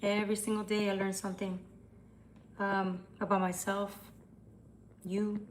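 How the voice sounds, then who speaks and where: A woman's voice: medium pitch, level tone, measured pace, slight background noise. A young woman hosting a tarot livestream, chatting casually and answering comments, with some swearing.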